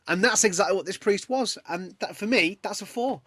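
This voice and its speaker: A man's voice: high voice, brisk, hardly any pauses, slightly rough, dry recording, studio quality. A man hosting a casual podcast, rambling and joking as he tells stories. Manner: rambling, jokey, lively storytelling. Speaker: podcast host.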